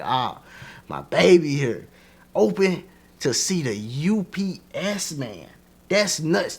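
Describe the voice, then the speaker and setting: A man reviewing a TV episode in a casual, animated way, laughing often and acting out characters' lines. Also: fairly high pitch. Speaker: TV show reviewer.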